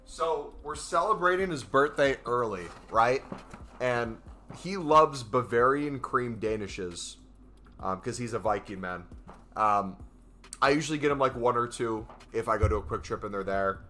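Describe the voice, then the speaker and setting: A man's voice: mid-range voice, a little slow, pushed and bright, soft background music. A young man chatting casually on a gaming stream, rambling through stories with lots of fillers. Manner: rambling, filler-heavy storytelling.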